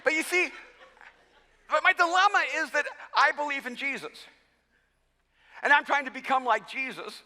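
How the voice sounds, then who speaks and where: A man's voice: very high voice, normal speed, long pauses, sharp tone. A man in his fifties or older preaching a sermon, telling stories with self-deprecating humor and frequent restarts. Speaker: pastor. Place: large church auditorium. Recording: long reverb of a large hall.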